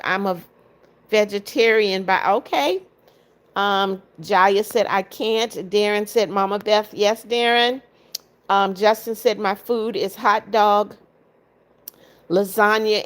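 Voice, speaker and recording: A woman hosting a casual livestream who reads viewers' comments aloud and answers each by name in a motherly, reassuring way, with an unhurried rhythm full of "okay" and "um.". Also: medium pitch. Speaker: livestream host.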